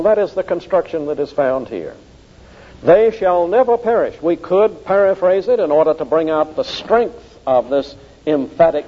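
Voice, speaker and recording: A man preaching in a fairly high voice, pressing each point with emphatic repetition. The recording is dull and lo-fi, with a long reverb trailing off the walls of a large hall. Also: slightly rough. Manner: emphatic, repeats key phrases for stress. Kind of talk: sermon.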